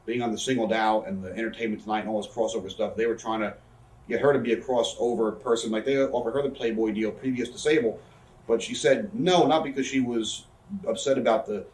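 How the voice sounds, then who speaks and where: Fast-talking man telling wrestling stories. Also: on the low side, fairly even intonation, a little mellow. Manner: rapid, profane, acts out quoted voices. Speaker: interview guest, former wrestler. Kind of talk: candid storytelling interview. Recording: echoey room, somewhat far from mic.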